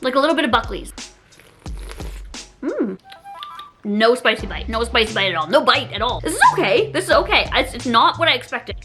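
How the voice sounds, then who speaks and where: Young woman gushing over snacks, high voice that bounces all over, faint music behind. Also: fairly quick. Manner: excitable, gasping, rambling with lots of "like". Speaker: taste-test vlogger. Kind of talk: casual food review chat.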